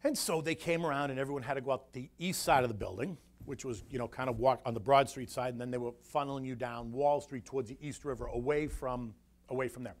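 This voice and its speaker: A middle-aged man telling a story to an audience in an animated, conversational way, often checking in with the listeners. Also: medium pitch, quick pace. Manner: animated, conversational, frequent "right?" asides. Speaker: guest speaker.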